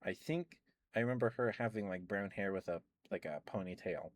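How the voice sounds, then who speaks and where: A young man chatting softly at home for an ASMR stream, rambling, laughing often and repeating phrases. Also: lowish voice, fairly quick. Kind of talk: soft-spoken ASMR chat.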